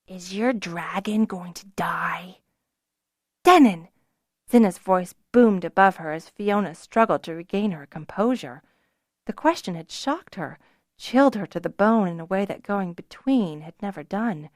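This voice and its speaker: A woman narrating a fantasy audiobook in even, clear storytelling. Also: medium pitch, moderate pace, dry recording, studio quality. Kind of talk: scripted narration.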